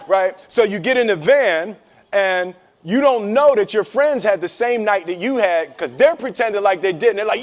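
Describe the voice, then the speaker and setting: A middle-aged man telling a story to an audience in a casual, animated way, acting out voices and laughing as he goes. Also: sits high, normal speed. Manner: casual, many fillers and repeats.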